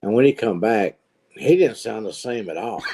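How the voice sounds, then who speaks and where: A man's voice: on the low side, lively intonation, normal speed, dark tone, slightly rough. A middle-aged man, telling stories in a casual chat with folksy grammar. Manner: drawling storyteller, folksy grammar.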